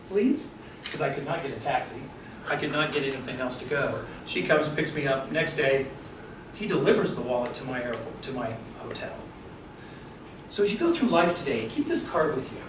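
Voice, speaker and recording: An older man giving a motivational talk, telling a story with animated acted-out voices. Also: on the high side. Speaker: motivational speaker. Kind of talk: storytelling speech. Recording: roomy, distant mic with faint noise.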